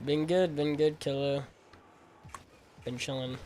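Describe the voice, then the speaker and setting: A man streaming a game and chatting casually in a rambling, animated, slangy way. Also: on the high side, slow pace, a little hiss or hum. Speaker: gaming streamer.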